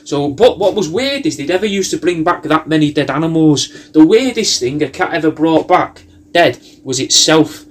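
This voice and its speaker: Man, somewhat high voice, meandering comic monologue, sweary, casual. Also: expressive, normal speed. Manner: meandering, sweary, riffing loosely with lots of "mate". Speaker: comedy cameo host.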